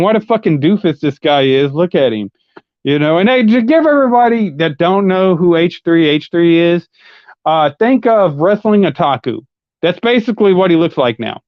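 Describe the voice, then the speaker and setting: A combative man ranting on a livestream, swearing constantly and mocking as he argues. His voice sits a little high for a man. The audio is muffled and lo-fi, with a dry, close sound and no room echo. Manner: combative, heavily profane; argumentative, mocking. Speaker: livestream commentator. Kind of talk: live-stream rant.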